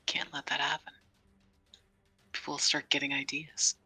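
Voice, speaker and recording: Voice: medium pitch, completely flat delivery, moderate pace, sharp tone, faint music behind. A player in a tabletop game, talking casually and dropping wry, joking asides.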